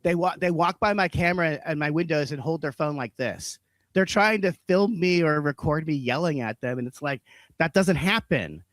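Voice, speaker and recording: A man's voice: on the high side, moderate pace, fairly bright tone, no room sound. A man co-hosting a podcast, ranting in a heated, profane, casual chat. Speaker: podcast co-host.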